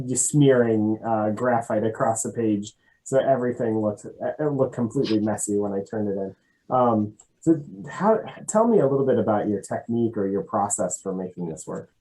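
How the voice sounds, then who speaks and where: Guy hosting an interview on a video call, warm mellow voice, friendly, trips over his words a bit. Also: on the low side, rough recording. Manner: friendly, stammers on restarts. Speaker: interviewer and host. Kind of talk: casual interview.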